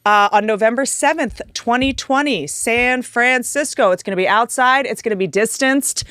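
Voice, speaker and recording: A woman's voice: on the high side, normal speed, a bit bright, smooth, no room sound, studio quality. A woman hosting a podcast, chatting casually and playfully and often breaking into laughter. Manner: playful, jokey, bursts into laughs. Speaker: podcast host. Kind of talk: casual chat.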